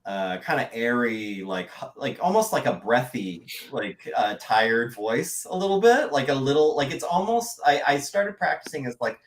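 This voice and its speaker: A man from the American West chats casually as a guest voice actor. He tells long, rambling anecdotes with lively energy, and his voice sits at an ordinary middle pitch. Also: moderate pace, few pauses, low-quality recording. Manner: rambling, animated storyteller. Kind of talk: casual podcast chat.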